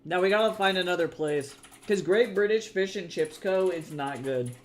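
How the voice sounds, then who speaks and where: A man from the US with a high-pitched voice chats loosely with his stream viewers. He reacts to chat and swears freely. Keyboard typing is heard behind him. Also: moderate pace. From United States. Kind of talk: casual livestream chat with viewers.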